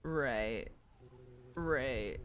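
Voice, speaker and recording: A woman's voice: very deep voice, very slow, a bit bright, slight background noise. A woman in her twenties streaming a game live, chatting playfully and joking with viewers. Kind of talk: live gameplay commentary.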